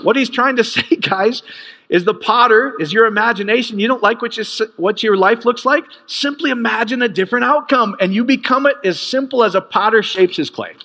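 A man preaching a sermon in an animated way, jumping from loud bursts to quiet asides. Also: a little fast, in a large hall. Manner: animated, swings from loud peaks to low asides.

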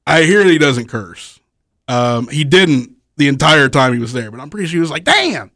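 A podcast guest and wrestling promoter, speaking a little fast in a mid-range male voice, launches into a rowdy story full of swearing and frequent laughter. He animatedly performs the lines of the people involved. The audio has studio quality and no echo.

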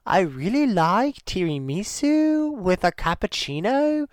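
A man's voice: sits high, very animated, clean tone, no room sound, clean studio sound, voice pushed up, full character voice. A man putting on a snooty, affected voice. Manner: drawn-out posh affectation.

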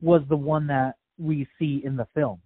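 A podcast co-host with a fairly high, husky male voice speaks at a normal pace in a steady tone, casually going over game and film history in a movie review chat. He lists facts hesitantly, with lots of fillers. The audio is dry and tinny, like a phone, with no room sound.

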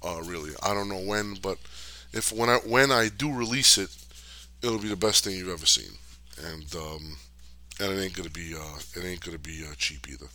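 A middle-aged man hosts a podcast in a low, pushed, bright voice at normal speed. He chats casually and rambles through viewer questions in a loose, streetwise manner, full of fillers and cursing.

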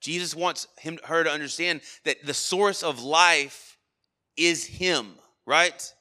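A man's voice: on the high side, takes it slowly, pushed and bright. A man preaching a sermon at a church worship service, earnest, with frequent rhetorical asides. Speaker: pastor.

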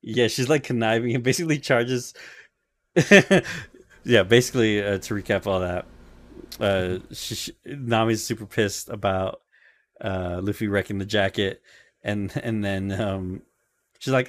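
Male podcast co-host, low register, rambling and laughing, dry close recording. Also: fairly even intonation, a little slow, fairly bright tone, dry recording. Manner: rambling, laughing, heavy filler words. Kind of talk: casual recap chat.

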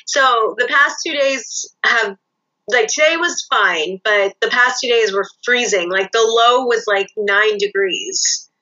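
Brief: woman guest, bright high voice, easy laughter, muffled call audio. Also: unhurried. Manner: laughs easily, short replies. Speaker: guest, host's sister. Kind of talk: casual chat. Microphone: video call.

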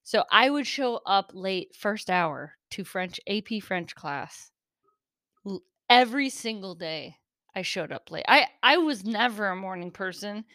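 A woman's voice: medium pitch, animated, measured pace, fairly bright tone, no room sound, studio quality. A woman, hosting a casual solo podcast, a little shaky from caffeine, rambling and giggling as she talks. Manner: rambling, giggly, self-interrupting. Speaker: podcast host.

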